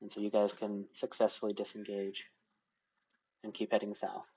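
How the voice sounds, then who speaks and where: A man's voice: lowish voice, monotone, moderate pace, darkish tone, slightly rough. A young man narrating as game master in casual, laugh-filled speech with many fillers.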